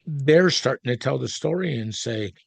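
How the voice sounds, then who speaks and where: A man's voice: mid-range voice, animated, moderate pace, creaky, no room sound. Host: middle-aged man, medium voice, talkative and prone to tangents. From Canada. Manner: chatty, goes off on tangents. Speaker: podcast host. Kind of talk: casual interview chat.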